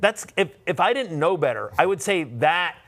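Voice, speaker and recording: A man hosting a sports show, chatty and animated, talking in quick bursts. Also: a little high. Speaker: host. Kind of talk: casual sports podcast chat.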